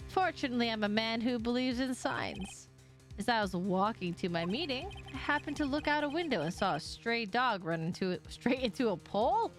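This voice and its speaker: A woman's voice: fairly high pitch, lively intonation, normal speed, soft background music, lightly acted. A woman voicing a condescending, middle-aged male police chief, reading game dialogue aloud in a smug, commanding way.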